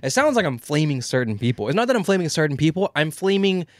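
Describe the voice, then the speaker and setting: A man co-hosting a podcast in casual chat, talking fast and stammering, animated and swearing freely. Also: fairly high pitch, no room sound, clean studio sound. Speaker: podcast co-host.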